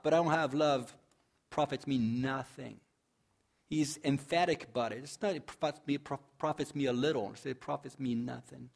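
A man preaching a sermon in a mid-range voice, chatty and personal, with plenty of rhetorical questions and light humor. When he reads scripture, he slows down and lets his volume rise and fall for drama. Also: mid-range voice, vocal fry. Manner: dramatic scripture reading that swells loud and drops soft. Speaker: pastor.

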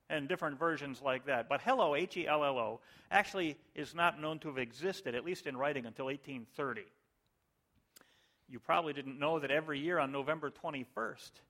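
A man's voice: fairly high pitch, a bit bright. A male pastor giving a conversational sermon with joking asides.

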